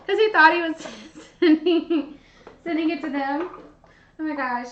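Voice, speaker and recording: A woman's voice: high voice, measured pace, fairly bright tone. A young woman hosting a live baking demonstration, chatty and bubbly as she talks to her viewers from a kitchen. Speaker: baking show host. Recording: dull lo-fi stream audio.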